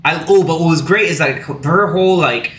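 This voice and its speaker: A young man co-hosting a casual movie podcast, talking animatedly, acting out scenes in high silly voices, with plenty of fillers. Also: fairly quick. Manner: animated, acts out characters in high put-on voices, many fillers. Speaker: podcast co-host. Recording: echoey room with faint background noise.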